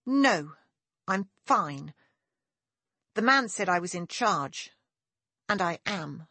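A woman's voice: lowish voice, expressive, slow pace, pushed and bright, breathy edge, no room sound, exaggerated voice. A woman voicing a determined, proud young boy who speaks earnestly and eagerly, in an audiobook. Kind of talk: audiobook character voice.

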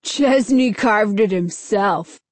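A woman's voice: medium pitch, slow, no echo, close to an everyday voice. A woman voicing a sarcastic, rowdy boy who snickers, in a storybook reading. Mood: mocking.

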